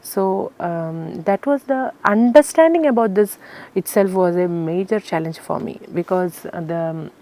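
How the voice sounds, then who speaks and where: Earnest woman singer, low-pitched. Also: unhurried, dark tone. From Kerala, India. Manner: earnest, explanatory, many fillers. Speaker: Carnatic singer, interviewee. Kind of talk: interview answers.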